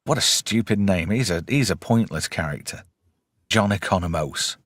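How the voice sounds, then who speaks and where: A man hosting a casual podcast chat, animated and swearing freely as he recaps episodes. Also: sits low, moderate pace, no room sound, studio quality. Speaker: podcast host.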